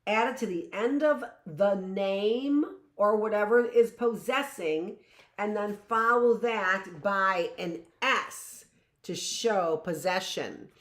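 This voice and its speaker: The sound is roomy as a middle-aged woman, her voice medium in pitch, runs a live reading lesson for little children. She goes slowly and emphatically, repeating key phrases and checking in with "right?".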